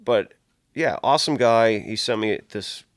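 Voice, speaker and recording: Low-voiced guy telling gear stories, swears a ton, dry room, bits where he acts out what people said. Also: measured pace, no echo. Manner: rambling storyteller, heavy swearing, acts out quoted dialogue. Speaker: guitar pedal builder. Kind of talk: casual podcast chat.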